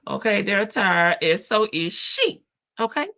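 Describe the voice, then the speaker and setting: A woman hosts a casual livestream, chatty and sassy, laughing a lot and calling her viewers baby. Her mid-range voice is expressive, pushed, and bright, and she keeps a measured pace.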